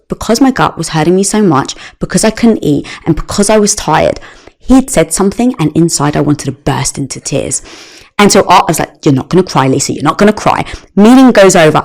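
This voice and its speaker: A middle-aged woman telling a personal story in conversation, animated and acting out the lines she quotes. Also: low voice, a little fast, vocal fry, rough recording. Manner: animated, acts out quoted dialogue. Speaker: guest.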